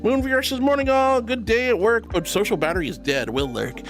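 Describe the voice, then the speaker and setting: A woman's voice: mid-range voice, brisk, hardly any pauses, soft background music. A young woman streaming as a VTuber, chatting casually and affectionately thanking viewers by pet names. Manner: bubbly and affectionate, calls viewers sweetie. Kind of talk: casual live-stream chat, reading viewer messages.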